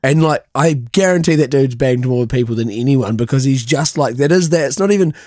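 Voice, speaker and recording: A man co-hosting a podcast at a middle pitch, halting and hesitant as he gropes for his point. The recording is dry and close. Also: darkish tone, no echo. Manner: halting and hesitant, with many restarts. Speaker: podcast co-host. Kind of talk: casual podcast banter.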